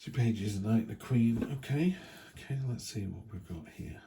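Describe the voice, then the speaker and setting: Casual male tarot reader, low warm voice, rambling and friendly restarts. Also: animated, moderate pace, gravelly. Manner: chatty, thinking aloud, with many restarts.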